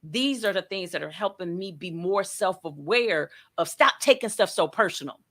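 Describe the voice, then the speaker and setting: A woman's voice: on the low side, animated, normal speed, a bit bright. A woman co-hosting a talk show, speaking reflectively in casual chat. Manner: reflective, laughs easily, trailing fillers.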